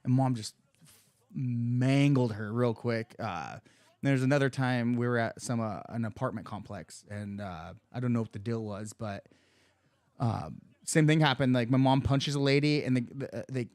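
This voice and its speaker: A man's voice: mid-range voice, normal speed, darkish tone, no room sound. A young man, a fighter, chatting casually on a podcast, telling rambling stories full of swearing. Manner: profane, rambling storyteller. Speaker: fighter guest.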